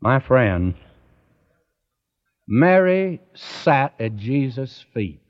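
A man preaches slowly and earnestly, his pitch rising and falling widely as he presses direct questions on his listeners. The recording is dull and lo-fi. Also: very animated. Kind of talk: sermon.

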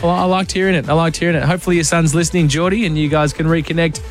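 Aussie radio host guy, teasing caller, kinda high voice, light music under. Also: steady tone, rapid-fire. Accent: Australian. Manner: playful, teasing. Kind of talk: breakfast radio banter.

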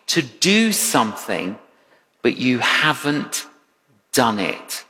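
A man preaching a sermon, telling a personal story with lively acted-out quotes. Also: medium pitch, takes it slowly, long pauses. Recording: long hall reverb.

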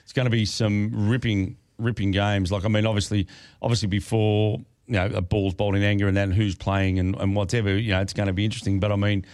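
A man co-hosting a sports chat in a low-set voice. He rambles warmly through fillers and restarts, recorded dry and close with no room sound. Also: little pitch movement, fast, smooth, no room sound. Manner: chatty, filler-heavy, enthusiastic. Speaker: podcast co-host.

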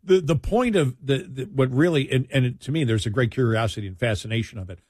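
A man from New York co-hosting talk radio, thinking out loud in casual chat. He stumbles into restarts as he muses. His voice sits mid-range, dry and close to the mic. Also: medium pitch, a little fast, dry recording. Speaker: radio talk show host.

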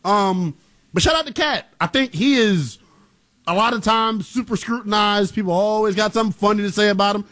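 A man with a high-pitched, slightly bright voice talks a little fast while co-hosting a sports talk show. He delivers emphatic, playful opinions in an animated sports debate.

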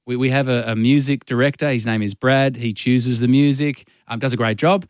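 A man hosting a radio show, talking in a rambling, self-deprecating way with halting restarts. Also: medium pitch, steady tone, no room sound, clean studio sound. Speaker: radio host. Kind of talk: casual radio banter.

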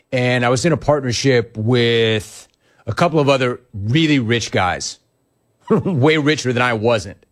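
Man, sports talk host, monologue, very lively intonation, emphatic, storytelling. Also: mid-range voice. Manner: emphatic, storytelling, riffing on listeners' comments.

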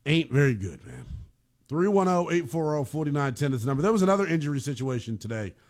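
Male sports talk host with a somewhat high voice, opinionated and emphatic, emotionally shaken. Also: animated, fast, a little mellow.

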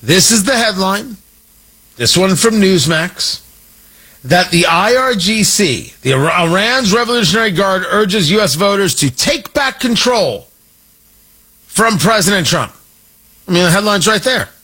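A man's voice: sits high, lively intonation, measured pace, pushed and bright, slightly rough. A man delivering an emphatic, sarcastic political commentary monologue, hammering his points through repetition.

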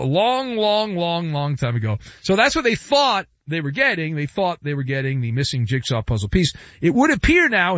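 A man's voice: fairly high pitch, no room sound. A man hosting a sports talk radio show, riffing in a sarcastic, mock-dramatic way into a studio microphone. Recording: dull, dry studio sound.

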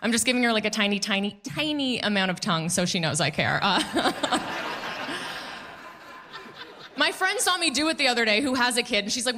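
A woman in her thirties performing a stand-up comedy set on a club stage, animated, acting out quoted voices and laughing at her own jokes. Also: on the high side, fairly quick, pauses often, noisy background.

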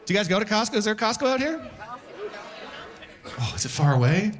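Animated stand-up comic, lively voice. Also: male voice, sits high, fast talker, a faint crowd. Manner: animated, acts out voices with sudden loud outbursts. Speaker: stand-up comedian. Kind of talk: stand-up comedy set. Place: comedy club stage before a live audience.

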